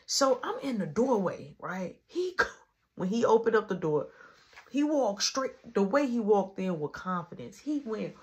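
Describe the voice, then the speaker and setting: A young woman telling a story from her life in a casual, animated way, rising to loud exclamations and dropping to hushed asides. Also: medium pitch, unhurried.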